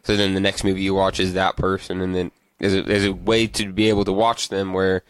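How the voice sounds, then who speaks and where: Male co-host, deep-ish, laid-back rambling podcast chat, dry sound. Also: a little fast, clear, resonant tone, dry recording, low-quality recording. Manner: relaxed, rambling, reads beer labels aloud. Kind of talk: casual chat.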